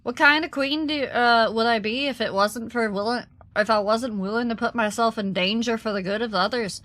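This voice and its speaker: A woman's voice: on the high side, normal speed, fairly bright tone, no room sound, close to an everyday voice. A woman voicing a stern, proud dwarf queen with a light put-on Irish accent, reading quest dialogue aloud in character. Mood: resolute.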